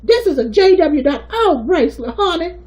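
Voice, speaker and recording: A man's voice: extremely high pitch, lively intonation, normal speed, pitched above the performer's own voice, rough recording. A man voicing a sassy, bossy churchgoing sister who calls everyone honey, in a comedic character monologue. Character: sassy gossiping churchgoing sister, middle-aged woman.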